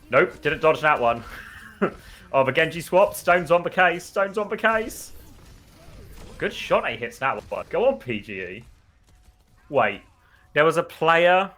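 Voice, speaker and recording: A man from the United Kingdom with a British accent, casually commentating a live esports match, rambling between plays and bursting with excitement at big moments. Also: lowish voice.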